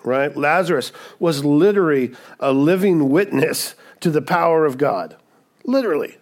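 A man delivers a sermon in a relaxed, conversational style with a slightly raised pitch. He drives his points home with emphasis and often checks in with his listeners. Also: normal speed. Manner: conversational, emphatic, with frequent "right?" asides. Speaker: pastor.

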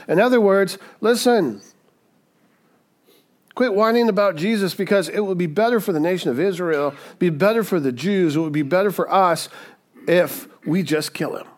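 A man delivers a sermon in a relaxed, conversational style with a slightly raised pitch. He drives his points home with emphasis and often checks in with his listeners. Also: moderate pace, pauses often. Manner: conversational, emphatic, with frequent "right?" asides. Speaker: pastor.

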